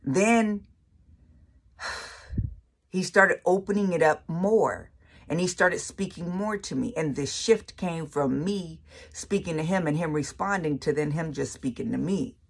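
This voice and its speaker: Low husky woman preaching testimony. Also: measured pace. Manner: emphatic, repeats phrases for effect, casual colloquial speech. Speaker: faith speaker sharing testimony.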